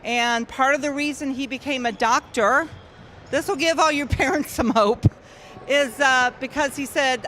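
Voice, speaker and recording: A woman in her sixties with a high, bright, forceful voice addresses a crowd at an awards ceremony. She projects loudly so a big indoor gym can hear her, talking warmly and plainly to the young players. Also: measured pace, a little hiss or hum. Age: 60s. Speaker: event host and organization founder. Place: indoor gymnasium.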